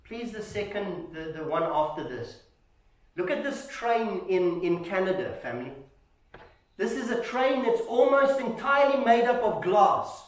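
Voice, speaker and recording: A man preaching a sermon in a church, telling stories with animated shouts, calling the congregation "family" and asking "Amen?". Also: sits high, unhurried. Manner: animated storytelling, acting out shouts. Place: church hall. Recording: echoey church hall.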